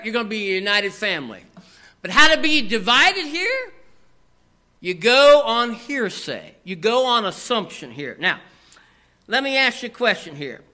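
A male pastor preaching in an animated, call-and-response style, with a high, bright voice. His pitch leaps and swoops, and he keeps prompting the congregation to answer back. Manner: animated, calls for audience response; repetitive filler "here". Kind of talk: sermon.

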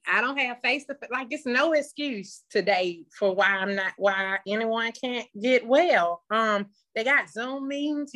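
Candid bright-voiced woman sharing at a meeting. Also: on the high side. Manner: candid, rambling, many ums. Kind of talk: personal recovery share. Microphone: phone on video call.

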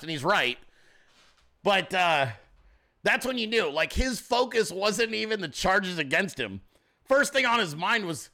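A man hosting a podcast, with a high, bright voice that swings widely in pitch. He talks casually and profanely, cracking jokes and slipping into quick impressions of other people. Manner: profane, joking, animated mimicry of others. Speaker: podcast host. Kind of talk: casual political commentary.

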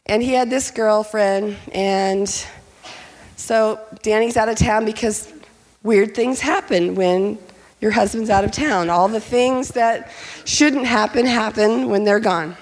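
A middle-aged woman telling personal stories to an audience, lively and candid. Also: medium pitch, slow, long reverb tail. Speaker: speaker. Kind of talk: personal storytelling talk.

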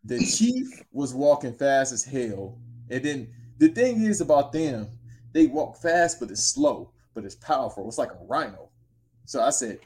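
A man in easy conversation, spinning a story with lots of slang and lively asides. His pitch sits in an ordinary middle range, and he talks in a loose, laid-back way. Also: measured pace. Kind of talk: casual storytelling chat.

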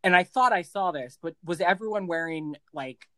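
A host in casual interview chat who is expressive, gushes and laughs often. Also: mid-range voice, moderate pace, no room sound.

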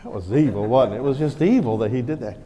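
A middle-aged man, preaching a sermon as a pastor and telling a personal story in a folksy, animated way. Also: medium pitch, quick pace. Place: church sanctuary. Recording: long hall reverb.

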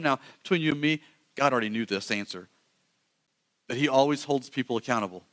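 A male pastor preaching a sermon, animated and quick, swinging from loud emphasis to hushed lines. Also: mid-range voice.

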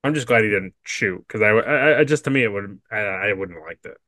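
A man with a fairly low, bright, forceful voice co-hosts a podcast, talking briskly and animatedly with a friend in a dry, echo-free recording. He reads episode plot recaps aloud, laughs often and stammers when sharing his own opinions.

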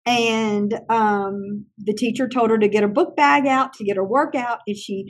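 A woman who trains teachers, telling animated stories in an interview and acting out other people's lines. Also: on the high side, normal speed. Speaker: teacher trainer and classroom consultant. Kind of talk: conversational interview storytelling.

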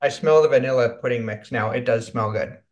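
Man from Canada, podcast co-host, mid-pitched, calm and halting, roomy sound. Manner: measured, hesitant with ums. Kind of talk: casual chat while baking.

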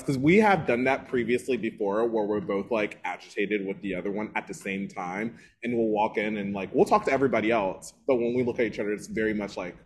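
A man co-hosting a podcast, telling stories in a casual, animated way and laughing often. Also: on the low side, brisk, few pauses. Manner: animated storytelling, laughs often, loses his train of thought. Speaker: podcast co-host. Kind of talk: casual chat.

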